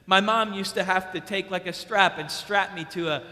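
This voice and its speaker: Emphatic young preacher in a big hall. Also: male voice, high-pitched, normal speed. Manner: emphatic, repeats key lines; acts out stories with bursts of loud excitement. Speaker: youth preacher. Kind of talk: sermon. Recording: long hall reverb.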